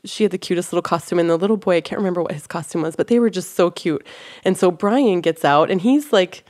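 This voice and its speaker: A woman's voice: on the low side, fast talker, darkish tone. A woman guest on a church podcast, telling a story in casual conversation and acting out the voices of the people in it. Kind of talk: casual testimony chat.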